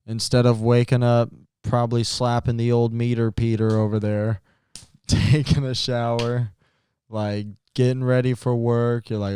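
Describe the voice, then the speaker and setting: A man's voice: medium pitch, little pitch movement, unhurried, mellow, a little hiss or hum. A man co-hosting a casual podcast, teasing his friend with crude, profane ribbing. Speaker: podcast co-host. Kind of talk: casual chat.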